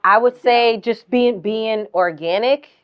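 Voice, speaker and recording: A woman from Boston, a recording artist and mentor, speaking calmly and earnestly. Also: a little high, takes it slowly, clean tone, dull audio. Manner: calm, earnest and encouraging.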